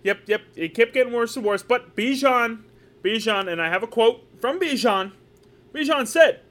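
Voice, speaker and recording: High-voiced dude on a sports podcast, joking around, repeats stuff a lot. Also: male voice, normal speed. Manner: animated, joking, repeats himself. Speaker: podcast co-host. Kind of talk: casual sports podcast chat. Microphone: podcast microphone.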